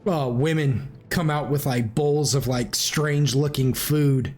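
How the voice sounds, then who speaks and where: A man's voice: medium pitch, slow pace, soft background music. A man running a tabletop game as game master, telling stories in a loose, rambling way and laughing often. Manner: animated, rambling storyteller who laughs often.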